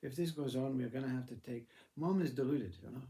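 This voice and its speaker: A man's voice: mid-range voice, fairly quick, warm tone, close to an everyday voice. A man voicing worried grown-up children who plead with their mother to get help.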